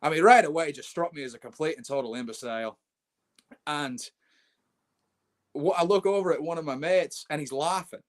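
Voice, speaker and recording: A man's voice: fairly high pitch, fairly quick, pauses often. A brash young man, a wrestling champion, telling swaggering stories in a casual interview and calling people mate.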